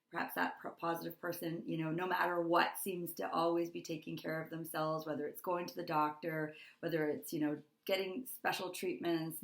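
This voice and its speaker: A woman's voice: fairly low pitch, creaky. Earnest woman coaching in an echoey room. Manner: earnest, heartfelt, repeats phrases for emphasis. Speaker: wellness coach. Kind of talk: motivational talk to course members.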